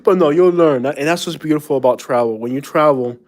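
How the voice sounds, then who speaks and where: A man's voice: on the high side, brisk, no room sound. A man chatting casually on a live stream, rambling and chuckling, with frequent fillers and slang.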